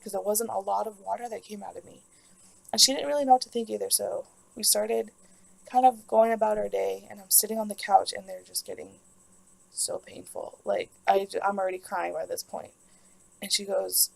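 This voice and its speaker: A woman's voice: mid-range voice, steady tone, fairly quick, vocal fry, poor audio. A young woman telling a personal story in a vlog, rambling and emotional, with lots of "like". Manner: rambling, emotional, heavy use of "like". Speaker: vlogger.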